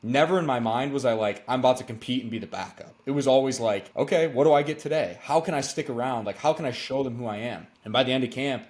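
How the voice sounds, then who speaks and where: A man's voice: quick pace, few pauses. Young dude guest on a podcast, hyped and slangy, voice jumps way up when he quotes people. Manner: excited, slangy, acts out quotes with pitch jumps. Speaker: podcast guest, former quarterback. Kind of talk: casual storytelling chat.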